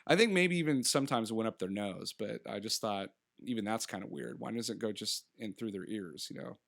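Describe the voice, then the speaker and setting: A man's voice: lowish voice, a little fast, creaky, fairly bright tone. A man in his thirties co-hosting a podcast, chatting casually through a movie review in a rambling way, laughing often and acting out bits of dialogue. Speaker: podcast co-host. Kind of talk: casual film review chat.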